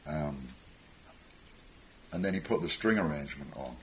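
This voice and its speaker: A man's voice: very deep voice, animated, normal speed. An older man, a musician guest on stage, telling rambling anecdotes with chuckles and acted-out voices. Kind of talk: anecdotal storytelling.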